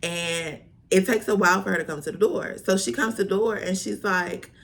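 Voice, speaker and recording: A woman vlogger telling a storytime, sassy and animated, full of slang. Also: mid-range voice, moderate pace. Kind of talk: storytime vlog.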